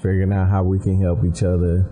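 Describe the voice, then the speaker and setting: Man, radio guest, deep low voice, very dark mellow tone, laid-back. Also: monotone. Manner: laid-back, quick affirmations. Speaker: radio guest, community organizer. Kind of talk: casual radio conversation. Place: radio studio.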